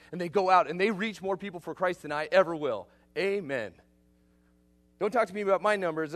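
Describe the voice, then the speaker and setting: A missionary preaches a sermon in a fairly high voice, emphatic and energetic. He swings between loud bursts and quiet asides.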